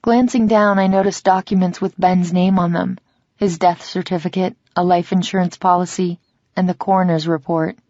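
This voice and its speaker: Gravelly-voiced woman narrating a romance audiobook. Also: on the low side, steady tone, mellow, dry recording. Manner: measured, reflective reading. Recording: slightly dull, dry audiobook recording.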